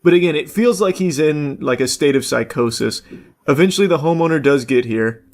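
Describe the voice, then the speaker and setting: A man's voice: fairly high pitch, expressive, brisk. A man hosting a casual reaction commentary, rambling along with jokey asides and casual swearing. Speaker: host.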